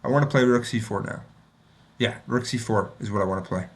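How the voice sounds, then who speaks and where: A man streaming himself playing chess, thinking aloud and muttering to himself, sometimes mocking his own mistakes and getting excited. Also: lowish voice, fairly quick. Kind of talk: thinking aloud while playing and reviewing a game.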